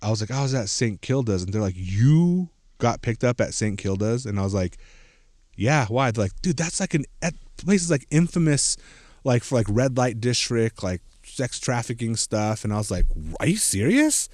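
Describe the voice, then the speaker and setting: A podcast co-host in his thirties tells a personal travel story in casual chat, rambling with plenty of fillers and acting out other people's lines. His mid-range voice is a little mellow and moves at a moderate pace, captured in studio quality with no room sound.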